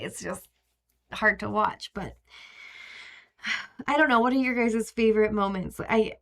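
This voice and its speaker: A woman's voice: medium pitch, a little slow, gravelly, pauses often, fairly bright tone. Chatty young woman on a live stream. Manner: chatty, rambling, emotional, many fillers. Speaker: streamer hosting a live recap. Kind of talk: casual live-stream chat.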